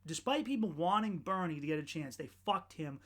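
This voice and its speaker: Male podcaster, casual cursing monologue, voice sits a bit high. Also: expressive, brisk, fairly bright tone. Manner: rambling, profane, ranting. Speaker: podcast host.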